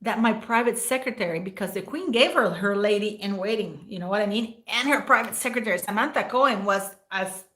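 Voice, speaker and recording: A woman's voice: mid-range voice, animated, brisk, hardly any pauses, a bit bright. A woman hosting a casual livestream, rambling and emotional as she thanks viewers by name. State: near tears at times. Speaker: livestream host.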